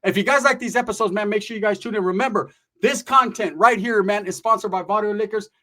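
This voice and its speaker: A man tells a story casually, rambling and swearing freely. His voice sits slightly high for a man, and he slips into other people's voices as he goes. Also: quick pace, bright, forceful tone. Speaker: storyteller, host.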